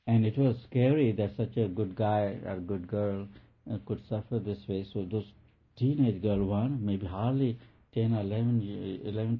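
Man, spiritual teacher, low husky voice, halting with restarts, tinny phone-like recording. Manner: halting, many restarts, soft laughs. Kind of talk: spiritual talk with anecdote.

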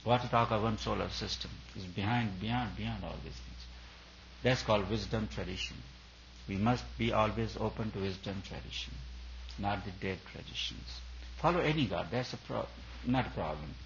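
A man's voice: on the low side, moderate pace, creaky, highs cut off, slight background noise. A man, a spiritual teacher, giving an earnest discourse at a retreat, building his points through repeated emphatic phrases.

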